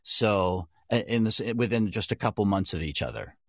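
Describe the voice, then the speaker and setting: A man's voice: on the low side, animated, moderate pace, no room sound, studio quality. A man who coaches voice actors, talking casually and explaining with frequent restarts and self-corrections. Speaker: podcast guest, voice coach. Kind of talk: casual chat.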